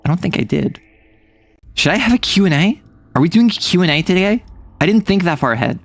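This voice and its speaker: A young American man with a high, gravelly voice streams a casual chat, talking a little fast with big swings in pitch. He rambles, jokes and keeps cutting himself off mid-thought. There's no room sound.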